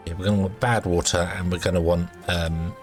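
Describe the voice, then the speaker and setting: A gaming video host talks over his gameplay in a rambling, casual way, full of ums, uhs and self-corrections, all while he has the hiccups. His voice is low-pitched and steady in tone, his pace fairly quick, and faint music plays behind him.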